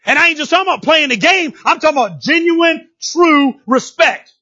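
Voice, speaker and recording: A middle-aged male pastor preaching a sermon, swinging between loud exclamations and quiet asides, on a dull lo-fi recording. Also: very high voice, expressive, fairly quick.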